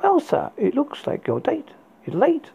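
A man's voice: very high-pitched, wildly swooping pitch, unhurried, creaky, dark tone, voice pushed up, full character voice. A man voicing a smarmy male waiter in a fake French accent, on a tinny recording. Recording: tinny phone-like lo-fi sound.

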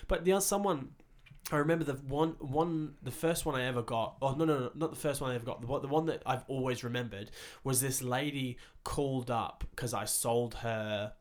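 Young man, podcast host, casual chat, animated storytelling, swears a lot. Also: mid-range voice, brisk, hardly any pauses. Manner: animated storytelling, swears freely, acts out quoted voices.

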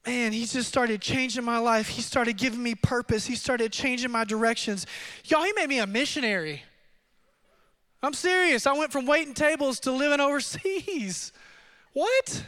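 A man in his thirties preaching a fervent sermon as pastor, swinging from hushed to shouting. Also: very high-pitched, moderate pace.

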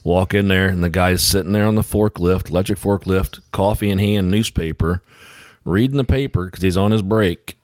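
Male podcast co-host, trucker; low, dry, blunt storyteller. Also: normal speed, darkish tone, dry recording. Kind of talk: casual storytelling chat.

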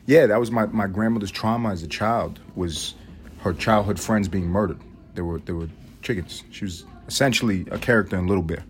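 A man's voice: moderate pace, pauses often, slight background noise. A young man from New York City telling rambling, profane stories on his solo podcast. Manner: rambling, profane, muses aloud; mimics his grandmother in a high voice. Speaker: podcast host. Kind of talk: casual solo storytelling.

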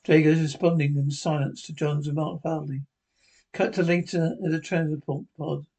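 A man narrating a podcast retelling of a TV episode, reading haltingly and often restarting phrases. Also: on the high side, flat delivery, gravelly, warm tone, husky, poor audio.

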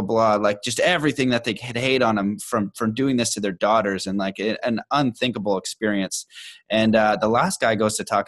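A man's voice: fairly low pitch, fairly bright tone, no echo. A young man hosting a podcast, talking in an earnest, rambling, slangy way in casual conversation. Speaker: podcast host.

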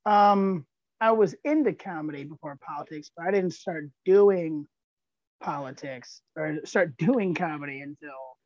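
A man, a comedian guest chatting casually, dry and quick to riff in mock voices. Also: fairly high pitch, no echo, lo-fi sound. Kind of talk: casual comedy podcast chat.

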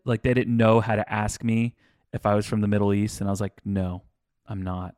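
A man co-hosting a podcast, telling a long rambling story in a casual chat, animated and swearing now and then. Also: lowish voice, brisk, no room sound, studio quality. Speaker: podcast co-host.

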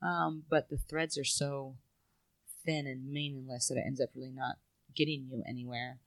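A woman's voice: very deep voice, flat delivery, normal speed, no echo. A woman talking in a casual, reflective, rambling way as a guest, swearing now and then. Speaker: podcast guest. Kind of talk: casual chat.

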